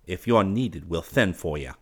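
A hard, grim young man barks short, surly commands in a deep voice, as a male reader voices him. He sounds cold and in charge. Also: animated, moderate pace. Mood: curt, grim. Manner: curt, surly orders.

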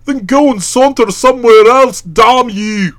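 An actor voicing a blustering, irascible older uncle in an audiobook, sputtering in explosive outbursts. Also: male voice, extremely high pitch, a little slow, a bit bright. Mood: irate. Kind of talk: audiobook character voice.

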